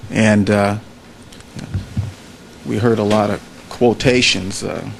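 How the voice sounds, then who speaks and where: A trial lawyer giving a closing argument to a jury in a courtroom, speaking in a measured way and repeating phrases for emphasis. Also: male voice, fairly low pitch, fairly even intonation, vocal fry, slight background noise, low-quality recording.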